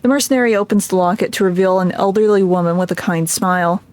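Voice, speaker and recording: A woman streamer reads a game's story aloud, stopping now and then for chatty asides and laughs. Her voice is medium-pitched with a darkish tone, and she speaks fast.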